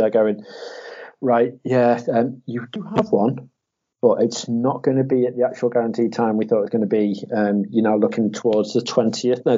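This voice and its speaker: A young man in casual chat, animated, swearing and laughing as he acts out quotes. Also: mid-range voice, breathy edge. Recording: dull lo-fi audio.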